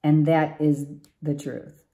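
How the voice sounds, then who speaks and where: A woman's voice: sits low, level tone, slow, mellow. A woman giving a tarot reading to viewers, emphatic and exclaiming, often repeating herself. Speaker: tarot reader.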